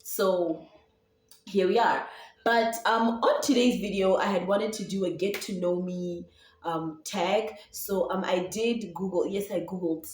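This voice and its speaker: A young Zambian woman, a YouTuber and podcaster, chats casually and rambles in a vlog, using many fillers and restarts. She speaks English with a Setswana twang, her mid-range voice a little slow. The sound is roomy and echoey, her voice coming from a distance off-mic.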